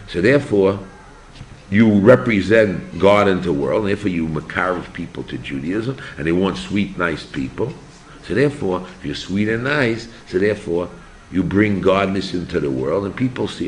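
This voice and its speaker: An older man, a rabbi, giving an animated yeshiva class and asking his students questions. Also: low voice, moderate pace, slight background noise. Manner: animated, asks the students questions, acts out voices. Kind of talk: yeshiva lecture.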